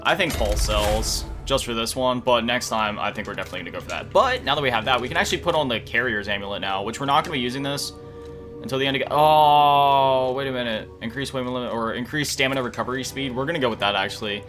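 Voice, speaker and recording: Over game music, a man of medium pitch talks fast as he plays through a video game. He's tired and yawning, but chatty, often laughing and poking fun at himself in this casual let's-play from a gaming YouTuber.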